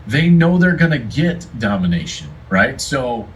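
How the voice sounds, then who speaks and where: A man's voice: mid-range voice, sing-song, measured pace, far from the mic, slight background noise, poor audio. A man giving a football analyst's emphatic, storytelling breakdown of a game moment. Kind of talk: casual commentary breakdown.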